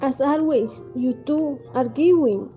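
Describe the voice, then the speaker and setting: Mellow high-voiced woman, lo-fi. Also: slow pace, soft background music. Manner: sympathetic, wondering. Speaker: onstage commentator. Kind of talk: scripted stage dialogue. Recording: dull lo-fi recording.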